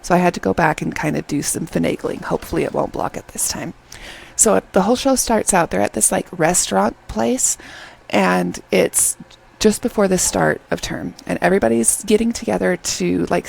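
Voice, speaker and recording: A woman chatting through a casual video review, retelling scenes in an animated way and often checking in with "okay?". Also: lowish voice, fairly quick, creaky, rough recording. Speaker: drama reviewer.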